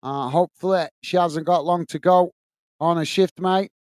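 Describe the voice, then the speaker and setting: On a live football watchalong stream, an English host calls the play and reads out viewer messages in a chatty style. His voice is on the high side, slightly mellow and smooth, with fairly even intonation and a moderate pace, recorded dry with clean studio sound.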